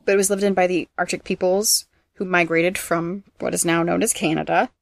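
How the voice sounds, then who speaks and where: A fairly low-pitched woman hosts a trivia podcast. She reads out facts briskly and teases her co-host between them. The sound is dry and close to the mic. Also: steady tone, gravelly, no echo. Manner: brisk and teasing, reads facts aloud, laughs often. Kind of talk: casual trivia chat, reading facts.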